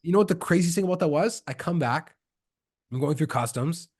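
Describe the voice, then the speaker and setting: A man's voice: fairly high pitch, expressive, brisk, darkish tone. A young man from Canada in casual chat, telling stories with slang and acting out the people he quotes. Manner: slangy storytelling, acts out quoted voices. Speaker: podcast guest.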